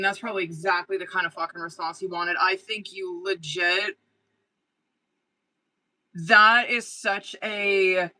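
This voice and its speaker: A woman giving tarot readings on a live stream, her voice bright and forceful. She talks straight to a viewer, swearing freely and riding an excitable energy. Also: lowish voice, low-quality recording. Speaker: tarot reader.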